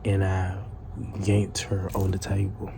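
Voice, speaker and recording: Guy rambling thru a storytime, cussing a lot, low voice, noisy hiss behind. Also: monotone, measured pace, vocal fry. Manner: profane, rambling retelling with restarts. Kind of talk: casual storytime monologue.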